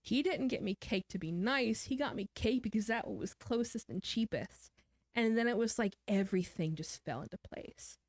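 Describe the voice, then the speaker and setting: A woman's voice: a little high, lively intonation, moderate pace, no room sound. Candid woman telling a painful story. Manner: candid, quotes others mid-story. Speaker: guest author. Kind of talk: personal storytelling in an interview.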